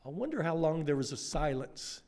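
A man preaching a sermon, retelling scripture with lively storytelling and speaking directly to children. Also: on the high side, a little fast. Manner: animated storytelling, addresses kids directly.

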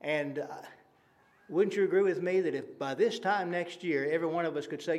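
A man's voice: fairly high pitch, fairly quick, a little mellow. A man preaching an evening sermon in an earnest, conversational way, using rhetorical questions and frequent fillers.

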